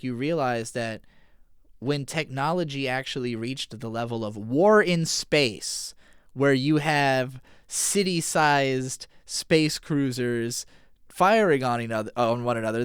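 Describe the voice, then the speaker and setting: Male podcast host with a smooth, resonant voice; relaxed, chatty recapper who swears now and then. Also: mid-range voice, no echo, studio quality. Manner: casual, profane, retells scenes with quick paraphrased dialogue. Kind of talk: casual episode recap and analysis.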